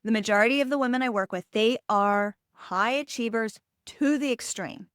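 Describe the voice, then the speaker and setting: A woman's voice: a little high, normal speed, a bit bright, clear, resonant tone, no room sound, studio quality. A woman hosting a podcast, coaching listeners in an emphatic, direct way.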